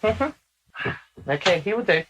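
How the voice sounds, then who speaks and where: A man speaking in a channeling session, measured and instructive, sometimes formal in phrasing. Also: high-pitched, very animated, noisy background.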